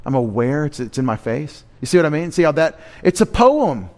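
A man's voice: on the high side, big pitch swings, fairly quick, a little mellow. Man preaching a verse-by-verse sermon. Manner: teaching through rhetorical questions and repeated emphasis. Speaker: pastor. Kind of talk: expository sermon. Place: church sanctuary.

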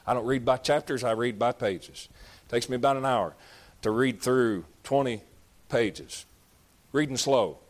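A man preaching a sermon, swinging between loud, drawn-out exhortations and low, conversational asides. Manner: rising to shouted exhortation, then dropping low and conversational.

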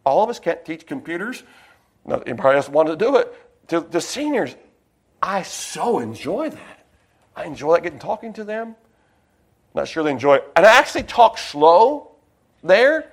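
A man with a high voice preaching a folksy sermon. He wanders into personal stories and slows his delivery down to drive each point home. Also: big pitch swings, breathy edge. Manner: folksy, digressive, with personal anecdotes.

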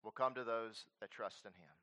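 Bright-voiced male preacher in a sermon. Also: fairly low pitch, normal speed. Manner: swings from loud emphatic preaching to quiet earnest appeals.

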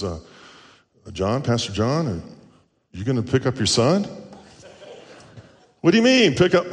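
Deep-voiced pastor in an echoey hall. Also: male voice. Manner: chatty, joking storyteller. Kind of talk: sermon.

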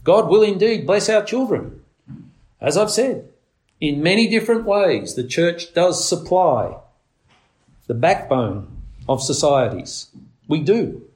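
A man preaching a sermon, leaning on words slowly for emphasis and climbing to urgent, raised passages. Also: lively intonation, a little mellow. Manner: preaching with slow emphatic stresses, rising to urgent highs.

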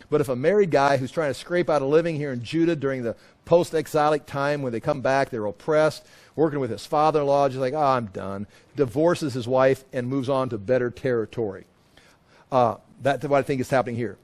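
A man's voice: medium pitch, brisk, a little mellow. A man teaching a Bible passage verse by verse in a conversational way, often restarting and repeating phrases and acting out quoted voices.

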